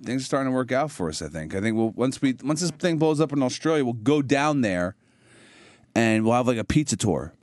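A man co-hosting a casual podcast, joking and swearing, with sudden bits in silly shrill voices. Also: sing-song, fairly quick, no echo. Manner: goofy, profane, bursts into loud high-pitched mock voices. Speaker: podcast co-host. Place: small podcast studio.

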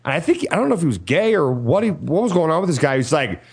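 A man's voice: on the high side, big pitch swings, fast talker, husky. A young man telling a rambling, loose story in casual chat, with a lot of "like" and some swearing.

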